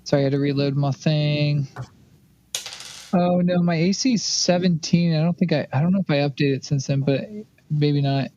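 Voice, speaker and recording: Male player, fairly high voice, apologetic, dull lo-fi laptop mic. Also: fairly even intonation, moderate pace, dark tone, a little hiss or hum. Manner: apologetic and hesitant. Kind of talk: casual tabletop chat.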